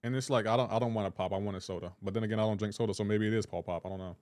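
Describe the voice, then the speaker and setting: A man's voice: lowish voice, fairly even intonation, racing, a little mellow, no echo, studio quality. A man hosting a live game stream in casual chat, reading out viewers' names and messages and teasing them about how words are said. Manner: chatty and joking, reads out chat names and comments; playful teasing about pronunciation.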